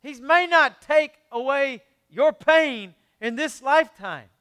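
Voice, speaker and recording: A man preaching a sermon in a conversational way, with quick asides, moving between quiet, low passages and emphatic ones. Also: expressive. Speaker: pastor.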